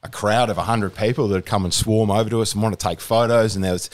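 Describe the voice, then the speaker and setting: Australian man, very low voice, rambling casual chat, young adult. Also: fairly even intonation, fast. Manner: rambling, many fillers and restarts. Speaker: podcast guest.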